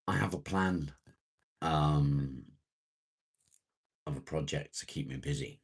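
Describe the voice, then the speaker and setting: A man with an extremely low, husky voice hosts a laid-back morning live chat. He rambles unhurriedly, greets viewers by name and answers their comments as he goes. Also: slow. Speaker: live-stream host reading viewer comments.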